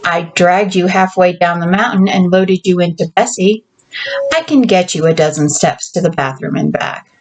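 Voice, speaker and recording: A woman reading aloud, voicing a practical, feisty woman who is a mail carrier, in a brisk, matter-of-fact way. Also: fairly low pitch, natural voice, rough recording. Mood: teasing, practical.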